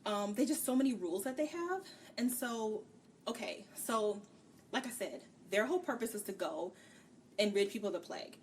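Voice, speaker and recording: A woman's voice: medium pitch, lively intonation. A woman co-hosting a book review podcast, ranting candidly in casual chat. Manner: candid, ranting, acts out characters' lines in quick bits. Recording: distant mic with faint background noise.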